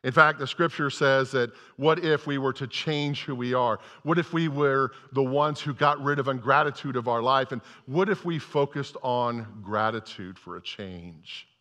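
A man's voice: medium pitch, normal speed, hardly any pauses, sharp tone. A male pastor giving a conversational sermon, often repeating words and restarting sentences as he talks. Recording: long hall reverb.

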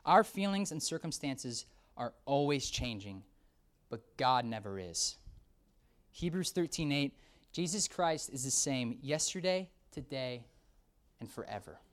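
A preacher delivering a sermon with a conversational, animated energy. The voice sinks low and quiet for reflective points, then jumps up loud and high in excited outbursts. Quoted characters are acted out with playful shifts of tone. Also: measured pace. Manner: lively, swings from hushed to excited outbursts, acts out quoted voices.

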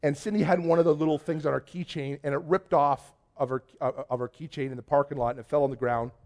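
Male pastor, slightly high voice, excitable storyteller in church. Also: fast. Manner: chatty storytelling, excitable, many restarts. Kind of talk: conversational sermon. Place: church before a congregation.

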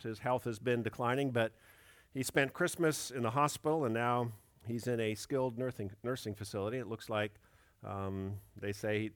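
A man in his fifties preaching a Sunday sermon in an earnest, measured way, rising for emphasis and dropping soft. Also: mid-range voice, no echo, clean studio sound. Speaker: pastor.

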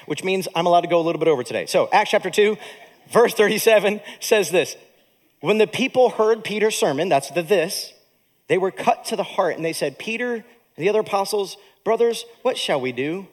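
A man preaching a sermon as a pastor in a church, with animated delivery and joking asides to the congregation. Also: sits high, a little fast.

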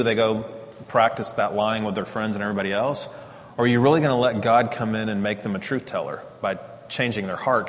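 Man talking about parenting in a reverberant hall. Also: on the low side. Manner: animated storytelling, laughs at himself. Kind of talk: casual teaching talk.

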